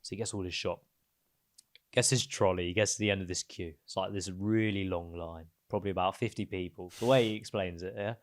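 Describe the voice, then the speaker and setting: Low-voiced man telling an animated story. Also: brisk. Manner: animated storyteller, laughs often, drops to low mutters. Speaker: podcast co-host. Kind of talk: casual storytelling chat.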